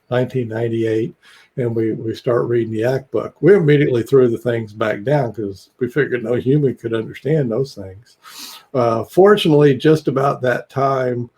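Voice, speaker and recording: A man's voice: mid-range voice, warm tone, husky. An older man telling stories on a video call, rambling along with fillers and chuckles. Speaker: psychologist guest. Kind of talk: casual video call talk.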